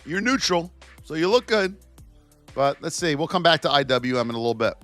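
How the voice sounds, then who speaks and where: A man teaching stock trading while reviewing charts live, in an excitable, playful way with frequent exclamations. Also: a little high, a little fast, soft background music. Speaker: trading educator.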